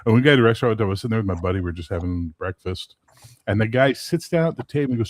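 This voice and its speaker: A man's voice: lowish voice, animated, rapid-fire, darkish tone. A man chatting casually on a video call, telling stories bluntly with plenty of swearing. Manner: blunt, profane storyteller. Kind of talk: casual chat.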